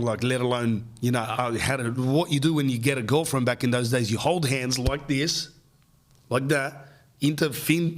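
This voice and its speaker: A man in his thirties with an Australian accent, a podcast host telling rambling comic stories in a casual, slangy way. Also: mid-range voice. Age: 30s.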